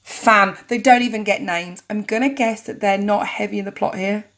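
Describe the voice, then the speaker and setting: A woman's voice: medium pitch, steady tone, moderate pace, fairly bright tone. A woman narrating and commenting casually on a story game, chatty and joking as she goes. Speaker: let's play narrator.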